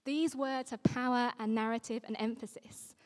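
A female vicar delivers an earnest sermon, pressing on her words with feeling. Her voice sits a little higher than most women's, and it rings out with the long reverb of a large hall. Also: steady tone, normal speed. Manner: earnest, emphatic preaching.

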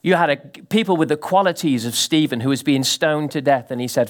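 Animated male preacher, high voice. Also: brisk, hardly any pauses. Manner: animated preaching with sudden rises and drops in pitch; asks the congregation questions. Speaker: pastor. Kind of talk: sermon.

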